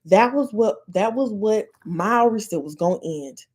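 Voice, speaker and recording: In a medium-pitched, slightly dark voice, a little slow but expressive, an American woman from the United States hosts her podcast. The segment is a solo rant, angry and full of swearing, driven by blunt emphasis.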